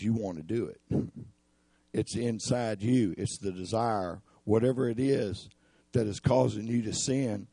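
A man with a raspy voice preaching a sermon in an earnest, emphatic way. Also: mid-range voice, a little mellow, dry recording, studio quality. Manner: earnest, emphatic, addresses listeners as y'all.

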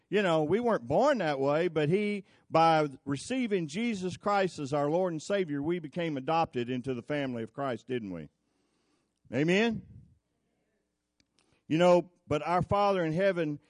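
A man's voice: fairly high pitch, no echo, clean studio sound. A man preaching a folksy, conversational sermon, telling stories and asking the congregation questions.

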